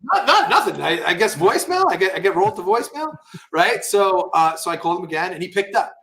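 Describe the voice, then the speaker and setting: A man guesting on a podcast, telling casual stories with animated, profane asides and lots of fillers. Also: high voice, fast talker, gravelly, a little hiss or hum. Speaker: guest entrepreneur. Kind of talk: casual storytelling interview.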